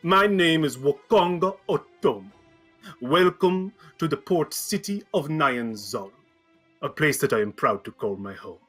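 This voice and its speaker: A man's voice: on the high side, expressive, unhurried, fairly bright tone, breathy edge, faint music behind, full character voice. A man voicing a proud, cheerful, wealthy noble who speaks in effusive, formal welcomes.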